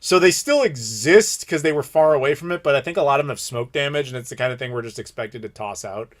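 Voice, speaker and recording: A man's voice: mid-range voice, fast talker. A man in his thirties hosting a live Q&A stream, telling rambling stories in casual chat. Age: 30s. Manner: rambling, animated storytelling with laughs. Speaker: streamer host.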